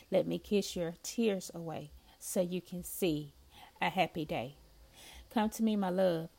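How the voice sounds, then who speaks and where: A woman reading her own poems aloud, slow and soft-spoken, with long heartfelt pauses between lines. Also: lowish voice, creaky.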